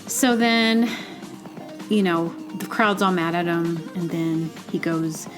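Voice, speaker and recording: A woman's voice: lowish voice, slow pace, music in the background. A woman hosting a solo podcast, rambling chattily through digressions with lots of fillers. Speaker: podcast host. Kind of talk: casual solo monologue.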